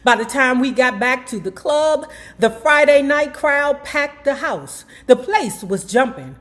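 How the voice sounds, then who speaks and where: A woman reading a memoir aloud in first person, stopping now and then for chatty asides to her viewers. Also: fairly high pitch. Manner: animated, breaks off to talk to viewers.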